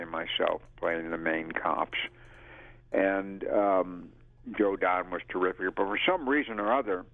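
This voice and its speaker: An older man, a veteran actor, telling lively stories in a casual interview and acting out quotes. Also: lowish voice, creaky, no echo. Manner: lively storyteller who acts out quotes and laughs. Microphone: phone. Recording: tinny phone line.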